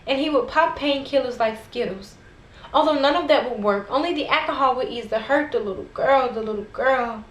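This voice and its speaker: A woman's voice: high-pitched, a little fast. A woman giving a dramatic, rhythmic spoken word poetry performance that swells to impassioned intensity. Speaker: poet. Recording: echoey room with faint background noise.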